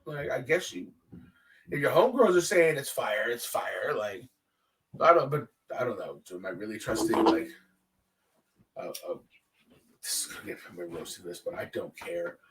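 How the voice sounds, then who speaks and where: With long pauses and a medium pitch at a moderate pace, a man tells stories on his own podcast, captured from a distance. His solo talk is casual, animated and profane, and he acts out quoted lines from people he met.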